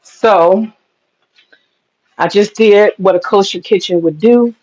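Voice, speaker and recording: A woman's voice: mid-range voice, takes it slowly, darkish tone, highs cut off. Woman cooking vlogger, casual and profane, tells long stories while cooking. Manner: chatty, profane storytelling. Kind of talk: casual cooking vlog chat.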